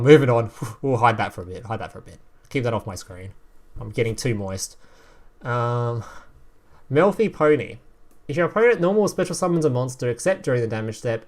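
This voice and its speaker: A man chatting on a live stream while reviewing game cards. His pitch swings up and down all the time, and he reads card text between casual, profane asides. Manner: animated, swearing, laughing, reading card text aloud.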